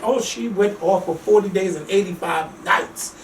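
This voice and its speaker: A man hosting a casual talk show, ranting bluntly and profanely about reality TV, with lively swings in loudness. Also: sits high, moderate pace, slight background noise. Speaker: podcast host. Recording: echoey room, mic at a distance.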